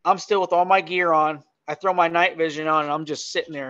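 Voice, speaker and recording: A man telling a story as a podcast guest in casual, animated chat, often laughing. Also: fairly high pitch, brisk, few pauses, no room sound, dull audio.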